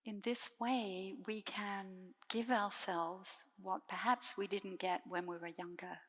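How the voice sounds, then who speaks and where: A woman giving a dharma talk as a Buddhist nun, speaking gently and softly with measured pauses. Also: mid-range voice, steady tone, in a large hall.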